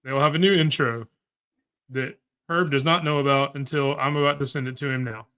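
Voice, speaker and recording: Bright-voiced, easygoing podcast co-host man. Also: mid-range voice, steady tone, a little fast. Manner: easygoing, self-deprecating, apologetic. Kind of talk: casual chat over a watch-along.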